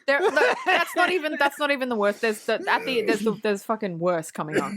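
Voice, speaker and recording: A woman's voice: a little high, a little fast, fairly bright tone. A woman co-hosting a podcast, recapping a movie plot in casual chat with sarcastic, swear-filled asides. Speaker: podcast co-host.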